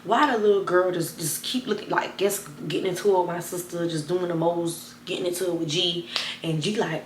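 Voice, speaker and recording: A young woman telling a wild personal story to camera, animated and chatty, talking straight to her viewers. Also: fairly quick, roomy sound, a little hiss or hum. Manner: animated, addresses viewers as y'all, bursts of high excited retelling. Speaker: storytime vlogger.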